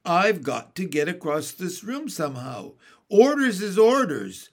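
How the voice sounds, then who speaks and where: A man voicing the talking sunlight, a gentle, eager-to-please figure in a storybook. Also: high-pitched, sing-song, unhurried, voice pushed up, exaggerated voice. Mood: apologetic. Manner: apologetic and approving.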